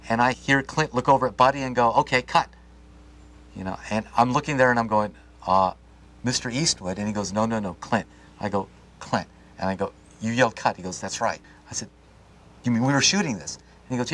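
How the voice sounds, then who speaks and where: A man's voice: mid-range voice, slight background noise. A man, an actor, telling an anecdote in an interview and acting out the dialogue he quotes. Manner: lively, acts out quoted dialogue. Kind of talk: anecdotal storytelling.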